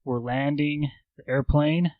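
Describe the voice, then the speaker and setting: A man's voice: fairly high pitch, fairly even intonation, slow, dry recording, narrow, tinny audio. A young man co-hosting a podcast, joking and swearing freely as he recaps a movie. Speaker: podcast co-host. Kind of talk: casual movie recap chat.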